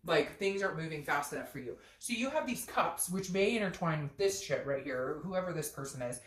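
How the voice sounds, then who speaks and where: A woman's voice: low-pitched, animated, fairly quick. A woman giving a chatty, blunt tarot reading who swears freely and acts out little quoted voices. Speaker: tarot reader. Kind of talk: casual tarot reading to camera. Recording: echoey room.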